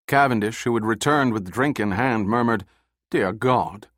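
A man narrating an audiobook in a steady, measured scripted reading. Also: mid-range voice, dry recording, clean studio sound.

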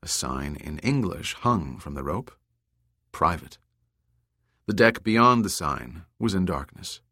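A man narrating an audiobook in a steady, measured reading voice. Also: low voice, dry recording, studio quality. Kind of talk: scripted narration.

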